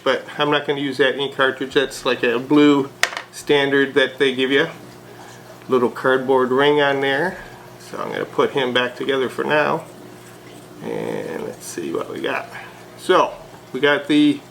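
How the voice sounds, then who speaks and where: A man vlogging a casual unboxing of a fountain pen, chatty and relaxed with frequent hesitations. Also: mid-range voice, creaky, a little hiss or hum, rough recording.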